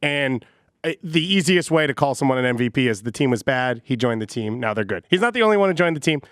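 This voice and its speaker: A man co-hosts a sports podcast with dry, blunt, punchy summaries. His voice is smooth and clear at a middle pitch, recorded on a close, dry mic. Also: animated, quick pace, fairly bright tone, dry recording. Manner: dry and blunt, sums things up in short punchy lines. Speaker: podcast co-host. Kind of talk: casual sports chat.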